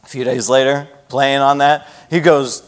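A man's voice: mid-range voice, level tone, moderate pace, clear, resonant tone, in a large hall. A man in his thirties, a youth pastor preaching a sermon, who prays earnestly and tells family stories, acting out his children's voices. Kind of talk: sermon with prayer and personal storytelling.

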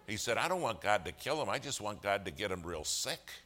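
A man with a lowish voice and a forceful, bright edge tells a story before a congregation. He is a lawyer by trade and plays every part himself. He drives the punchlines home with sudden loud bursts. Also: brisk. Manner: animated storyteller, acts out quoted voices with humor. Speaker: lawyer giving a testimony. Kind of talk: sermon storytelling.

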